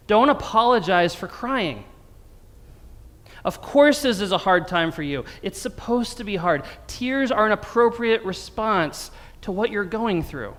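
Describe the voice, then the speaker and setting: A man's voice: sits high, expressive, measured pace, a bit bright. An American man preaching a sermon as pastor, in a conversational tone with touches of wry humor. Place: church sanctuary. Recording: long reverb of a church sanctuary.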